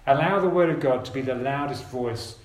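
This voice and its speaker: A man preaching a sermon to his congregation, earnest and gentle, urging his listeners with repeated phrases. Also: mid-range voice, a little fast, echoey room, rough recording.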